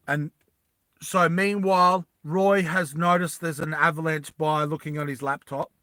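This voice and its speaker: Here a streamer chats casually with his live audience, pitching a movie story in an animated, rambling way full of restarts. He speaks a little slowly in a fairly high voice, and the recording has no room sound.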